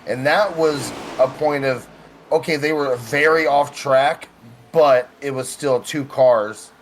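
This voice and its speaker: A man's voice: mid-range voice, takes it slowly, a little hiss or hum. A man calling play-by-play on a live sim racing broadcast, mixing race calls with wry joking asides.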